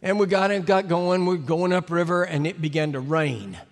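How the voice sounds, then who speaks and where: An American man preaching, telling a story with animated, sudden loud swings and emphatic delivery. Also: high-pitched, normal speed. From United States. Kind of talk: sermon storytelling. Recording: echoey hall reverb.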